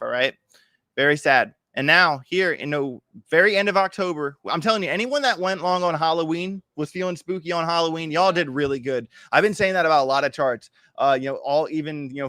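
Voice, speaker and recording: A man's voice: on the high side, pushed and bright, no room sound, clean studio sound. A man hosting a casual crypto trading livestream, walking viewers through charts in a chatty, hyped, joking way. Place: home, in Miami.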